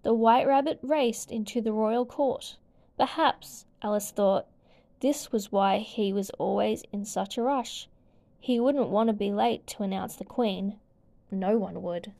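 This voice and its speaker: A woman reading a children's storybook aloud as narrator, gentle and clear. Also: mid-range voice, unhurried.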